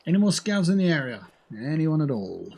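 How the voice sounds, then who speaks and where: Lively, sweary game streamer. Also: mid-range voice, fairly quick, vocal fry. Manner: chatty, profane, jokey self-talk while looting. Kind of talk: casual gameplay commentary.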